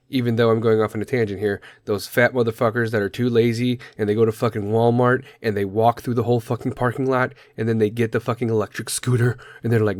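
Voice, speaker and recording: A man hosting a podcast, ranting in a loud, exasperated way with heavy cursing, and slipping into mocking voices. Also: mid-range voice, steady tone, fast talker, few pauses, dry recording. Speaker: podcast host. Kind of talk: profane comedic rant.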